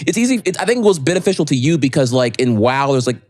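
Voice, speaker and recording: A man as a guest on a podcast, telling animated stories in casual chat and swearing freely. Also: mid-range voice, dry recording. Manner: fast, animated storytelling with lots of swearing.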